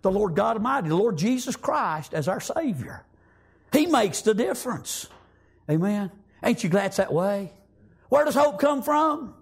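Preacher guy, high gravelly voice, fervent, goes loud then real hushed. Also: very animated, normal speed. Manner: fervent call-and-response preaching, swinging between loud and hushed. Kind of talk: sermon.

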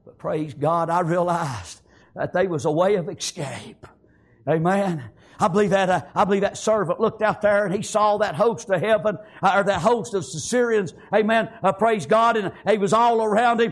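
A male preacher delivering a fiery sermon, swinging between shouted peaks and quiet low asides, punctuated with amens. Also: animated, normal speed.

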